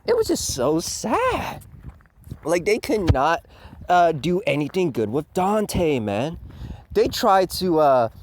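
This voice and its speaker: Profane, ranting man with a lively voice. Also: fairly high pitch, slow pace, slight background noise. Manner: profane, ranting, full of fillers. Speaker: commentator. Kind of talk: ranting review commentary.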